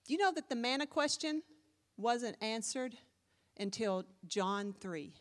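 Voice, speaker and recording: A woman pastor preaching a sermon, dramatic and fervent, dropping to a hush and rising to loud cries as she quotes scripture. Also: fairly high pitch, lively intonation, a little slow, long reverb tail.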